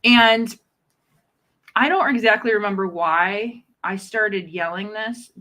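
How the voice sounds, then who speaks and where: A woman in her thirties from Ohio, co-hosting a casual live chat and telling stories in an animated, giggly way. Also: medium pitch, slow pace, low-quality recording. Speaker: podcast co-host.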